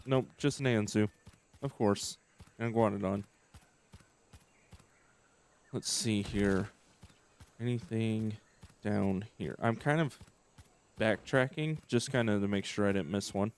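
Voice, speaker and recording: A young man with a lowish voice talks his way through a game at a slow, easy pace, filling gaps with hesitant ums as he thinks aloud. It is casual let's-play commentary from a regular channel host. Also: a little mellow, clean tone. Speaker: gameplay commentator.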